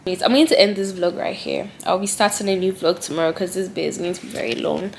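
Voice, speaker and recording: A woman's voice: lowish voice, fast, creaky, slight background noise. A young woman vlogging to her phone camera in a chatty, heartfelt way, with lots of "like" fillers. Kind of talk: casual vlog talk to camera. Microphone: handheld phone camera.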